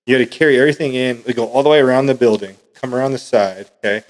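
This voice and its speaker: A man's voice: medium pitch, very fast. A man co-hosting a casual podcast, laid-back and supportive, who chimes in with short reactions and tells his own anecdotes. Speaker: podcast co-host. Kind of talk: casual chat. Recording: long reverb.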